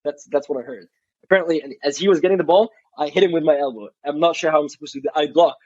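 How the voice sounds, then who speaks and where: A rapid-fire young adult man with a fairly high, slightly mellow voice tells a story as a college athlete guest in a casual interview. He is frank and blunt, swears freely, and often restarts his sentences, in a dull, dry recording with no room sound.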